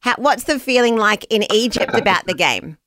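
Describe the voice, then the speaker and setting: Bubbly woman co-host, slightly high voice, dry close sound. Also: animated, moderate pace, fairly bright tone, dry recording. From half New Zealand. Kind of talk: casual live show chat.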